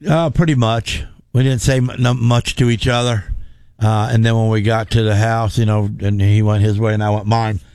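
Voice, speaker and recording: A man telling a story as a guest in a casual chat, plain-spoken and halting with restarts. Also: on the low side, steady tone, darkish tone, smooth, no echo, studio quality.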